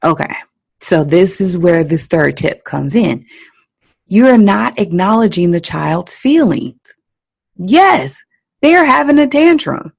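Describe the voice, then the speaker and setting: A woman hosting a parenting podcast, giving advice in an animated, teacherly way and laughing at her own stories. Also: on the low side, takes it slowly, creaky, breathy edge. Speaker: parenting coach and podcast host. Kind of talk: solo podcast advice talk.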